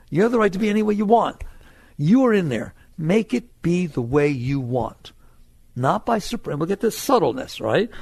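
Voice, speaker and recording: An older man giving a playful, animated spiritual talk, full of rhetorical questions and laughter. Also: fairly high pitch, creaky, dry recording. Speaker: spiritual teacher.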